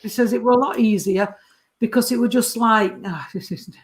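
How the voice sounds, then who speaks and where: A woman's voice: on the high side, moderate pace, slight background noise. A woman, giving a medium's reading from a photo and calling the sitter sweetheart and darling. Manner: warm endearments, calls the sitter sweetheart and darling.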